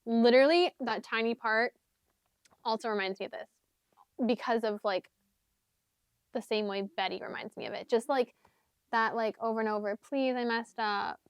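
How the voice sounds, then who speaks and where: This young woman's voice sits on the high side, clean and echo-free, moving at a moderate pace with long pauses. For her vlog she casually rambles about books and songs, heavy on fillers and "like"s, breaking into half-sung lyrics at times.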